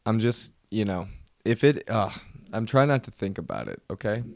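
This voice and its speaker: Nervous and self-mocking, a podcast host rants through a solo comedy monologue. His lowish voice has huge pitch swings and vocal fry at a moderate pace, with no room sound.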